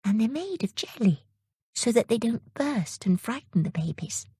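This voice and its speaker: A woman voicing a kindly young sea fairy girl in a storybook reading, speaking softly with a high, lilting lift. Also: very animated, moderate pace, slightly rough, no room sound, studio quality, heavily acted. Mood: gentle.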